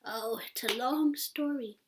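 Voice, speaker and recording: Woman doing a hoarse, tearful old woman. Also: on the high side, unhurried, background noise, voice pushed up, lightly acted. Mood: tearful whisper. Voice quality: hoarse whisper. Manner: breathy whispering, tearful pleading. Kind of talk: storybook audiobook reading.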